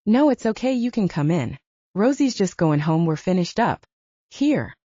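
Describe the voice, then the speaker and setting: A woman's voice: fairly low pitch, very animated, normal speed, mellow, no room sound. A woman voicing a cocky, rugged alpha male werewolf soldier with a teasing, drawling manner, in a dull lo-fi recording.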